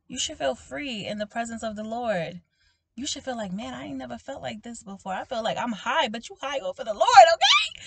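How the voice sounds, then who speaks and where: Preaching informally to her online viewers, a prophetic minister is animated and emphatic, often asking "okay?" and calling them "baby." Her slightly high voice swings between loud exclamations and soft talk, with frequent laughter, in a dry recording.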